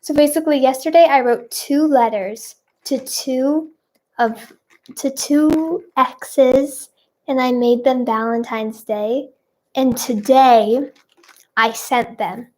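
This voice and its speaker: A woman's voice: sits high, slow, darkish tone. A young woman hosting a casual live stream, chatting with viewers in a bubbly, rambling way with giggles.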